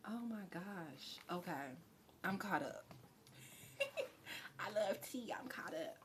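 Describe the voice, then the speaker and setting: A woman's voice: mid-range voice, expressive, slow, slight background noise. Chatty woman giving a tarot reading. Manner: chatty and effusive, drops into soft whispers. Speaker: tarot reader. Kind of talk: live tarot reading, casual chat.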